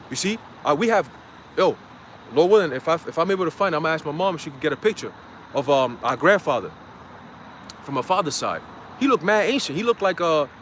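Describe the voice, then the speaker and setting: A man's voice: sits high, slight background noise. A man preaching casually on a livestream from a parked car, blunt, profane and slangy, getting heated. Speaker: street preacher.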